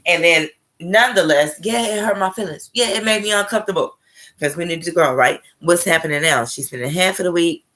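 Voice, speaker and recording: Low-voiced woman, kinda sharp bright tone, telling her story to camera, lots of "right?" and cussing. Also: a little fast. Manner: emphatic, checks in with frequent "right?" and "okay?"; swears casually. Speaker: spiritual vlogger. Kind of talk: personal storytelling monologue.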